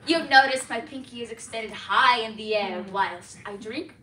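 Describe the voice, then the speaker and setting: A woman's voice: fairly high pitch, moderate pace, sharp tone. A young woman performing a pompous, bossy female accent teacher on stage with a put-on British accent, theatrical and exaggerated. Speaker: student competitor performing a comic piece. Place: school auditorium stage. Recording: echoey hall from far off, noisy.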